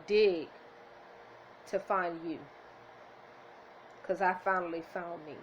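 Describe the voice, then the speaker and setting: A woman's voice: on the low side, fairly even intonation, slow pace, long pauses, a little hiss or hum, low-quality recording. A woman vlogging to her viewers with the camera in her hand, earnest and heartfelt, close to tears with happiness. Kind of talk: emotional motivational vlog. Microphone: handheld camera.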